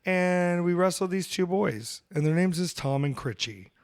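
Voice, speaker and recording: A man's voice: high-pitched, lively intonation, normal speed, smooth, no echo, clean studio sound. A man hosting a podcast in casual chat, telling rambling, jokey stories about wrestling.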